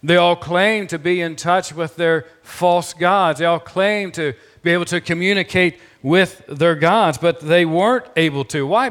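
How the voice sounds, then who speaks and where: A male pastor delivers a sermon with a fairly high-pitched voice. He talks with emphasis and repeats key phrases for effect. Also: measured pace, few pauses, a bit bright.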